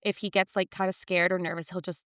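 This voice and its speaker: A woman's voice: lowish voice, fast talker, clean tone, no room sound, studio quality. A woman in her thirties co-hosting a podcast, chatting casually and acting out voices when she tells stories. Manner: animated storyteller, acts out voices in quotes. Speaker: podcast co-host. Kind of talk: casual chat.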